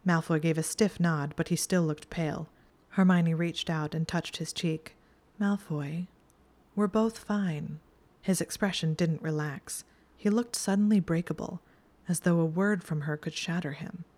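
Low-voiced woman narrating a story. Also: darkish tone. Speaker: reader. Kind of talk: fan fiction audiobook narration.

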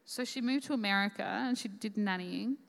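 A young Australian woman telling a personal story on a conference stage, emotional and halting, full of fillers. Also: medium pitch, creaky, fairly bright tone. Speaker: conference guest speaker. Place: live conference hall. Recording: echoey hall.

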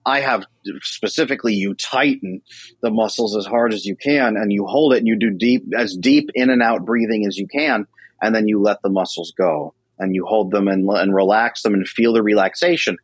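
A man talking casually as a guest on a podcast about controlling anxiety, telling animated stories and acting out his friends' voices. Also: fairly low pitch, normal speed, husky, no room sound, poor audio.

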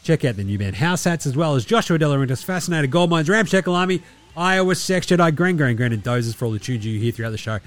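A man's voice: a little high, animated, fast. A man with an Australian accent, hosting a podcast and signing off in a casual, crude way with laid-back Aussie slang. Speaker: podcast host. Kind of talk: casual show sign-off.

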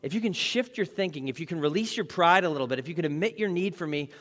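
A male pastor preaching with a bright, forceful, slightly high voice. He is conversational and quick with a joke, then leans into dramatic emphasis, and his words trail off into a long reverb across a large church hall. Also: lively intonation. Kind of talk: sermon.

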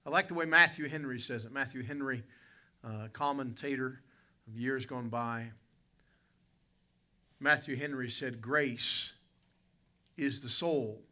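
Measured in pace and given to long pauses, a pastor with a sharp-toned, mid-range voice preaches in a church conference hall. His sermon leans on folksy, dramatic storytelling, and he calls out to people in the congregation.

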